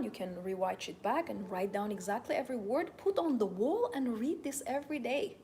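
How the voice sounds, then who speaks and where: A woman's voice: on the high side, a little mellow, slight background noise. A woman coaching her viewers in a live talk, stating rights in emphatic, repetitive declarations and speaking straight to them. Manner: coaching, addresses viewers directly. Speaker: femininity and wealth coach. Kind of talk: motivational livestream talk.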